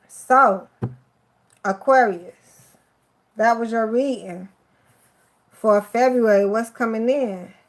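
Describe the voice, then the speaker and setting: A woman with a Miami accent reads tarot cards live for her viewers in a voice of middle pitch. She speaks with affection and emotion, sounding teary-eyed, and drops casual curses as she goes. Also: darkish tone. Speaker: tarot card reader.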